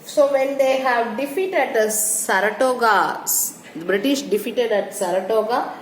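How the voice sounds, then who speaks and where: A woman teacher with a voice on the high side gives a history lecture, halting and restarting her phrases and repeating dates as she explains. The room is echoey, with a faint hum.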